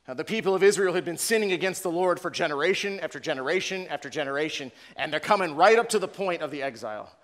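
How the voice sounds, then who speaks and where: A man preaching in a big, echoing hall, his voice sitting a touch high for a man. He talks earnestly, stumbling over repeated words as he builds his point. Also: a bit bright. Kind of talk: sermon. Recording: long reverb of a large room.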